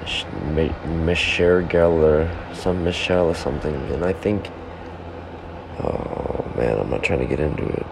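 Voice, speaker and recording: Gravelly low-voiced man rambling solo. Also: moderate pace. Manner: self-interrupting, heckles himself. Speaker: solo podcast host. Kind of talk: rambling monologue to himself. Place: home room with a fan. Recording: background fan hum.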